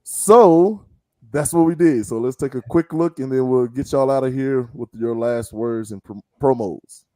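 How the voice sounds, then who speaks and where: A man from the Southern United States hosts a podcast in casual chat, rambling with many asides. His voice sits at a middle pitch and sounds dry and close. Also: a little slow, a little mellow, no room sound. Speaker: podcast host.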